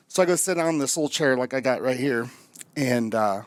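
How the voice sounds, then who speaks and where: A man's voice: mid-range voice, animated, a little fast, dry recording. Chatty storytelling man, dry mic. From Omaha, Nebraska. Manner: chatty, jokey, with impressions inside his story. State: frog in his throat. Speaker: guest, camper finance manager. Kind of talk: casual storytelling.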